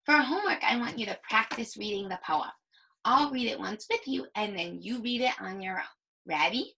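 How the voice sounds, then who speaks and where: A woman teaching a young child to read, slowly sounding out words and patiently guiding each line. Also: medium pitch, lively intonation, creaky, bright, forceful tone. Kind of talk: early reading lesson for young children.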